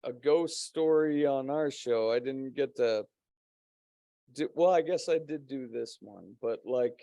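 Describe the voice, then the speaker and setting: Slow-talking, profane storyteller man. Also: mid-range voice, creaky, dark tone, dry recording. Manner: profane, laughing, rambling. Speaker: podcast guest; co-host of a paranormal podcast. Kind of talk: casual storytelling chat.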